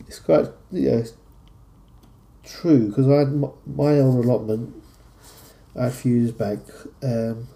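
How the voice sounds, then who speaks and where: A man with a London accent hosting a podcast, chatting in a relaxed, rambling way between readings. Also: mid-range voice, slow pace, vocal fry, long pauses. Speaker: podcast host. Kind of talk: casual podcast chat and poem reading. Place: studio.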